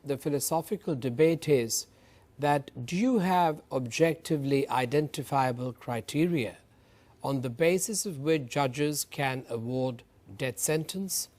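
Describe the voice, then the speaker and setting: A man, a lawyer on a TV panel, making his case in deliberate, formal legal phrasing. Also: fairly high pitch, a little mellow. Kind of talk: panel debate argument.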